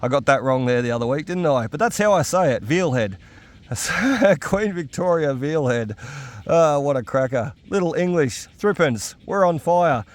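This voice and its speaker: A man, giving casual, excitable commentary while metal detecting outdoors on a farm. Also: on the high side, normal speed. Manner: excitable, chatty, often exclaiming.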